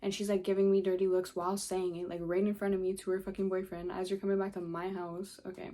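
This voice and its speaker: Swearing a lot and leaning on "like," this young vlogger recounts a story with casual exasperation. She talks quickly in a warm, mid-range voice with a flat delivery.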